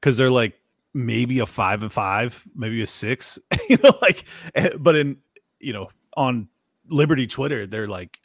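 A man hosting a casual podcast, talking in a slow, drawling, mocking way. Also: mid-range voice, lively intonation, no room sound, clean studio sound. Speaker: podcast host.

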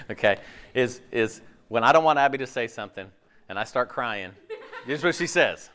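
A pastor giving a casual, jokey sermon, asking the audience questions and laughing often. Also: male voice, medium pitch, wildly swooping pitch, measured pace, long pauses, bright, forceful tone.

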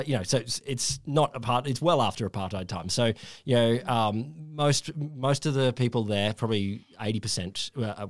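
Man, mid pitch, emphatic chatty co-host, dry close sound. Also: no echo. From Australia. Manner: emphatic, repeats words when worked up. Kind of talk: casual chat.

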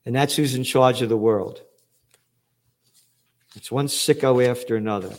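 Guy hosting a show, ranting angry and swearing a lot, breaks into yelling, normal pitch. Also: measured pace. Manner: angry, profane, shouting outbursts. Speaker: show host. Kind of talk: ranting commentary.

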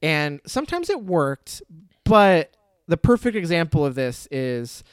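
A man with a slightly higher voice, smooth and clear, hosting a casual movie review chat. He talks loosely, swears freely and laughs easily. The sound is dry and close. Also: very animated, unhurried, dry recording. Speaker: podcast host.

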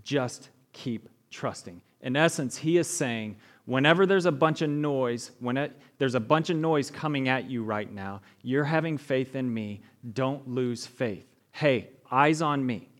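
A male pastor delivers a conversational sermon, frequently asking the room "right?" and acting out the people in his story. He speaks at medium pitch and normal speed, with hardly any pauses.

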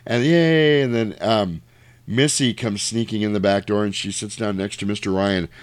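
A man casually retelling a comedy film for a podcast, acting out the lines in high put-on voices and laughing often. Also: moderate pace, dry recording, clean studio sound. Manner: animated storyteller, acts out quotes in high voices, laughs often. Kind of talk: casual movie recap chat.

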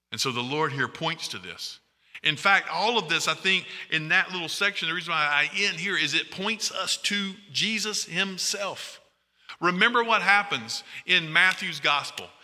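A preacher delivering a sermon with a tense, forceful voice pitched a little high. He talks animatedly and throws questions at his listeners. The sound carries a long hall reverb. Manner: animated, asks the congregation questions.

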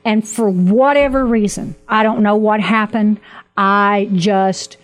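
A woman hosting a Christian talk show, telling stories in a chatty, animated way with frequent laughs. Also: medium pitch, slow pace. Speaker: host.

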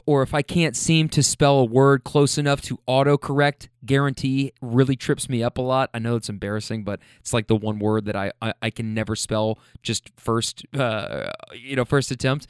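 A man's voice: mid-range voice, steady tone, moderate pace, hardly any pauses, clean tone, no echo. Chatty man telling a story, dry close sound. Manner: chatty, profane, laid-back with self-deprecating asides. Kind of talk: casual spoken anecdote.

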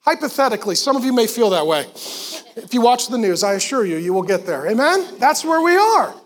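A pastor preaching a sermon to a congregation in a church, animated and emphatic, with quick asides to the crowd. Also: male voice, extremely high pitch. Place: church auditorium before a congregation.

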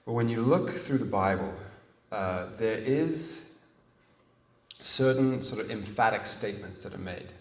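A man preaching a sermon in an earnest, emphatic way, restarting phrases and pausing as he thinks. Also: fairly low pitch, creaky. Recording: echoey room, mic at a distance.

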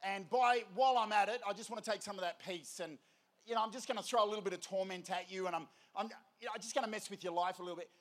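A sly devil speaks in a low-key, matter-of-fact way, as a male preacher puts him on. His offhand friendliness carries a quiet menace. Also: fast talker.

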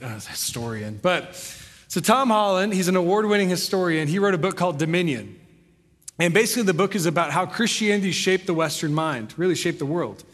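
A young man with a high, light voice preaches a sermon, moving between scripture reading and easygoing explanation. His voice carries a long reverb, as if heard in a large hall. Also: fairly bright tone. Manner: conversational preaching with Bible reading. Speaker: pastor.

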